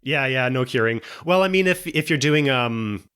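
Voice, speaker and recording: A man's voice: medium pitch, expressive, moderate pace, fairly bright tone, smooth. A man chatting on a podcast panel, explaining things in a loose, filler-heavy way. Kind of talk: casual chat.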